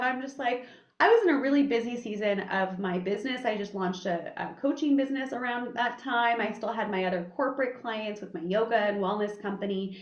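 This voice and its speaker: A woman's voice: fairly high pitch, brisk. Candid woman host in an echoey room. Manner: candid, animated storyteller who swears freely. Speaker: podcast host. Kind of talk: casual interview chat. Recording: echoey room, dull lo-fi sound.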